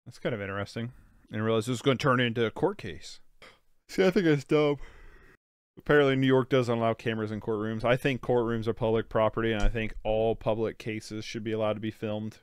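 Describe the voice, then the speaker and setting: A man's voice: fairly low pitch, fairly even intonation, fairly quick, smooth, no echo, studio quality. A sleepy young man with a stuffed-up nose, rambling casually through a movie watch-along and saying "like" a lot. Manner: rambling, filler-heavy, says "like" often. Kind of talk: casual movie reaction commentary.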